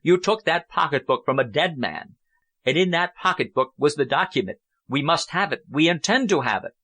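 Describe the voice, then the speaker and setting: A man's voice: fairly high pitch, animated, normal speed, pushed and bright. A man reading an audiobook, voicing a menacing male burglar who has a slight foreign accent and a cold, threatening manner.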